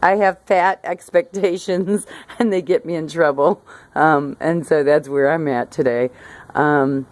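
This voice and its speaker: A woman's voice: deep voice, steady tone, unhurried, no echo. A middle-aged woman vlogging outdoors by a hillside garden, talking casually to camera in a rambling way, breaking off her sentences and laughing often.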